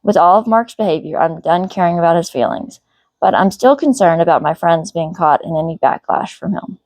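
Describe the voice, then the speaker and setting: A woman author reads her novel aloud in a steady, even first-person narration. Her voice sits low, and the recording is dry and close with no room sound. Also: brisk, no room sound.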